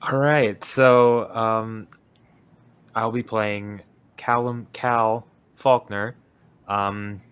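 Brief: male player, deep-ish voice, very slow, hesitant delivery. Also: steady tone, fairly bright tone, clear, resonant tone. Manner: halting, full of fillers. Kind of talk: introducing a character in a tabletop game.

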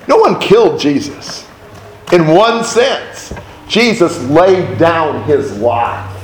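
A man's voice: a little high, slow pace. A man leads a Bible study, pressing his points with rhetorical questions in a slightly raised voice. The room is roomy and echoing, with faint noise in the background. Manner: emphatic, animated, with rhetorical questions. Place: room with a group of listeners.

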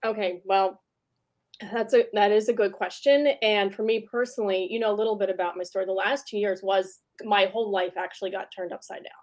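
A woman's voice: mid-range voice, steady tone, fairly quick. A middle-aged woman guest who works with breath work and talks candidly and chattily on a video call, swearing now and then. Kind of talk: casual interview talk.

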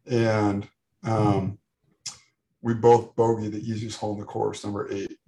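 A man co-hosting a casual podcast, chatting in a relaxed, joking way. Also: lowish voice, a little slow, slight background noise, poor audio. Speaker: podcast co-host. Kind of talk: casual chat.

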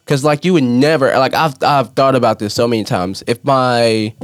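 A man as a podcast guest, speaking in an earnest, reflective way, often quiet. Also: medium pitch, steady tone, normal speed, no echo, clean studio sound. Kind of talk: casual podcast conversation.

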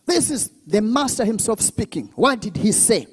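A male pastor preaching a sermon at a church service, drawing call-and-response from the congregation, with bursts of shouting and speaking in tongues. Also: sits high, sing-song, moderate pace, breathy edge, in a large hall.

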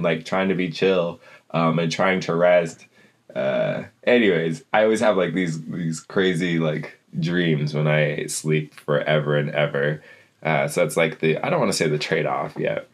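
A man's voice: sits low, moderate pace. A man chatting casually as a podcast co-host, rambling through a story with lots of fillers. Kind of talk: casual chat.

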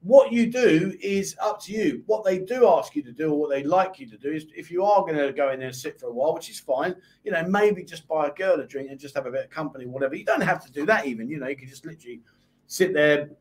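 A man with a London accent hosts a casual live-stream chat show. His voice sits high, and he reads out viewer comments before answering each one in a chatty, off-the-cuff way. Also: animated, fast talker, slight background noise. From England. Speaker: host.

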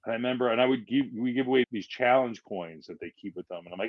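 Animated storytelling man, dull dry sound. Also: mid-range voice, rapid-fire, no echo. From Philadelphia. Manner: animated, acts out quotes in changing voices. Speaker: guest, firefighter. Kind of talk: casual storytelling in a podcast interview.

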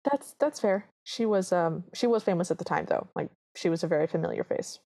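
A woman on a podcast, talking casually while she walks through a film scene by scene. Her voice sits low and mellow, and she slips into the characters' lines as she goes. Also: brisk. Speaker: podcast co-host.

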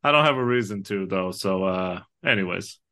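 Low-voiced man, earnest film chat. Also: lively intonation, normal speed, sharp tone. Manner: earnest and emotional, swears casually. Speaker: podcast co-host. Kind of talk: casual film discussion.

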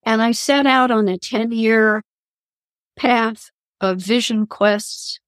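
A woman's voice: fairly high pitch, takes it slowly, no echo. A woman guest on a podcast interview, telling personal spiritual stories in an earnest, reflective way. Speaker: guest, author and columnist.

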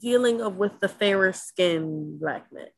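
A woman's voice: medium pitch, measured pace, no echo. A woman with a mid-range voice, recorded dry and close. She banters casually, frank and joking. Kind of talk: casual chat.

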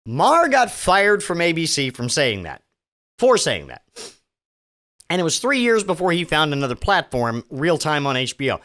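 A man's voice: a little high, a bit bright. A man hosting a solo podcast, reading news items and mocking them with sarcastic, profane asides and stammering restarts. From Virginia. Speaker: podcast host.

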